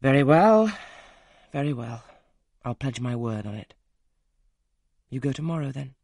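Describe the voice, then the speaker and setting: A man with a husky voice reading the part of a brusque, teasing wealthy gentleman in an audiobook, gruff and commanding. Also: mid-range voice, normal speed, no room sound, clean studio sound.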